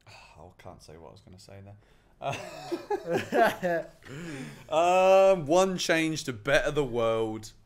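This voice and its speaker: A man speaking as a podcast guest, relaxed and jokey, often saying "bro". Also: mid-range voice. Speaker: guest, football YouTuber. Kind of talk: casual podcast chat.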